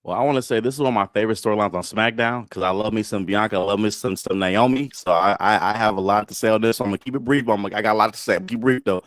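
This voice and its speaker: Male co-host, animated and joking, casual wrestling banter. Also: lowish voice, very fast, hardly any pauses, dry recording.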